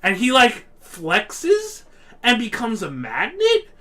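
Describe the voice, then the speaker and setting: A tipsy man on a casual comedy podcast, rambling excitedly and swearing as he explains monster films. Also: very high-pitched, takes it slowly. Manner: rambling, excitable, profane, acts out monster voices. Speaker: podcast guest explaining a film franchise.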